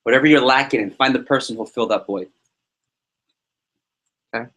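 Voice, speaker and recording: A man leading a sales team meeting, giving an energetic motivational talk full of anecdotes and repetition. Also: medium pitch, normal speed. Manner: energetic, repeats himself, tells anecdotes. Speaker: team leader running a sales prep meeting.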